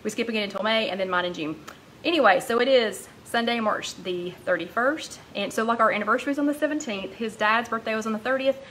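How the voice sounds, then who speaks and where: A woman hosting a casual live-stream chat, rambling warmly along and greeting viewers by name, a little out of breath. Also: on the high side, fast, a little hiss or hum, poor audio. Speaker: host of a live weight-loss chat.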